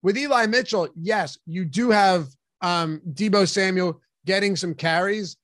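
A man's voice: high-pitched, a little slow, fairly bright tone, dry recording, studio quality. A man co-hosting a fantasy football strategy show, making emphatic arguments about which players to avoid. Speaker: co-host. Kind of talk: fantasy football analysis chat.

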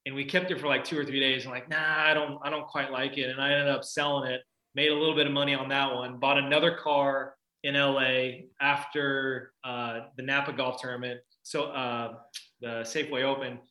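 A man's voice: medium pitch, flat delivery, brisk, bright, forceful tone, roomy sound, poor audio. A man, a touring golfer, telling a laid-back story in a casual chat with frequent laughs. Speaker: guest golfer.

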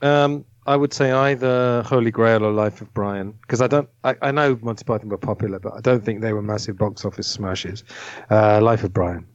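A man's voice: fairly low pitch, steady tone, normal speed, no echo. A man chatting as a podcast guest, hesitant and chatty, with quips. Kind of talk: casual chat. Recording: dull lo-fi mic.

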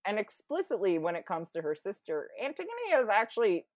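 A woman's voice: mid-range voice, big pitch swings, fairly quick, a little mellow, dry recording, clean studio sound. A woman guest on a podcast, retelling a story casually with lots of fillers and playfully acting out quoted lines. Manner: chatty, many fillers, acts out quoted lines in playful voices.

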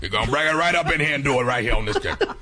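A man's voice: medium pitch, lively intonation, racing. A man doing comedy banter on a radio show, boisterous and laughing while he talks.

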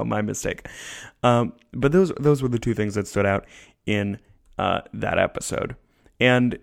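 A man talks through a casual podcast review in a lowish voice with plenty of vocal fry. He sounds tired and rambles loosely, often making fun of himself. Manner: rambling, loose and self-deprecating. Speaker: podcast host.

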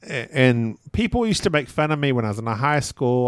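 Podcast guest, male, animated storyteller, frequent laughs, self-deprecating, dry close sound. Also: medium pitch, normal speed, no room sound. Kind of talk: casual conversational storytelling.

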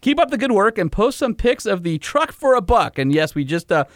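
A man's voice: sits high, big pitch swings, fairly quick, dry recording, clean studio sound. A middle-aged man co-hosting a podcast in casual chat, giggly and laughing between phrases. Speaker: podcast co-host.

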